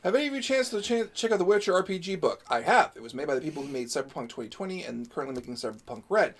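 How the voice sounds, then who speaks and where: Chatty man with a lively, high-ish voice. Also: racing. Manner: chatty, rambling, self-mocking. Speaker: game master and stream host. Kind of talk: casual stream chat.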